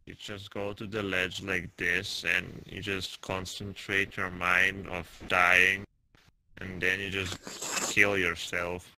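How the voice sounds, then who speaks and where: A man playing a creepy figure who slowly and insistently coaxes a boy, in a deep, drawn-out voice. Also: completely flat delivery, sharp tone, slight background noise, heavily acted, low-quality recording. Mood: creepy calm. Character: creepy slow-talking man luring a boy.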